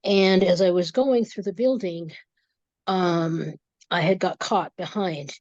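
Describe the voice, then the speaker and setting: Woman, emotional halting storytelling, slightly dull dry audio, mid pitch. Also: darkish tone, no room sound. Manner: emotional, halting, with many restarts. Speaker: guest, energy reader. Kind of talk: personal storytelling in an interview.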